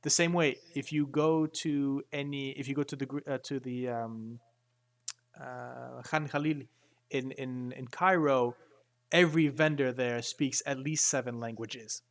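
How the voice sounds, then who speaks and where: Guy gm-ing a tabletop game, hesitant, keeps restarting, mid pitch. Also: fairly even intonation. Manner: halting, full of fillers and restarts. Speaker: game master.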